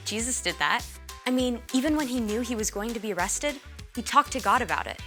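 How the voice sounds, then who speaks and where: Bright, cheerful woman presenter. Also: a little high, lively intonation, a little fast, faint music behind. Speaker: children's ministry presenter.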